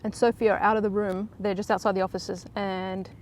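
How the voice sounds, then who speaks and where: A woman's voice: mid-range voice, flat delivery, fairly quick, a little hiss or hum. A woman casually recapping a soap episode in a chatty, sarcastic way, mocking the characters.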